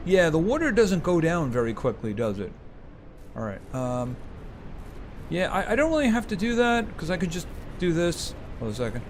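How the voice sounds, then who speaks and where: A man's voice: a little high, sing-song, normal speed, a little hiss or hum. A man streaming a farming game live, chatting casually with his viewers as he plays. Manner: chatty, talks to game animals and reads chat aloud.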